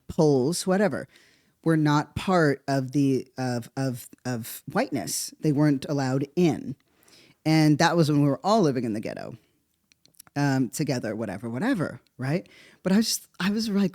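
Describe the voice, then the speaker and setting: Solo podcast host: chatty comedic monologue, frequent laughter, mid-pitched voice, dry close recording. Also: no echo. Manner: animated, laughs often, rambling asides.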